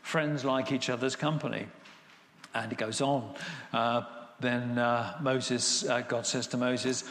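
A man's voice: mid-range voice, steady tone, a little slow, fairly bright tone. Man, preacher, casual sermon, echoey hall, long reverb. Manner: retells scripture in casual paraphrase, acting out voices.

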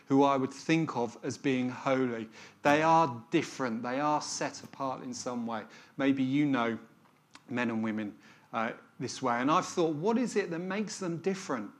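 A man's voice: mid-range voice, moderate pace, a bit bright. A man preaching a sermon, telling a story in a reflective, earnest way.

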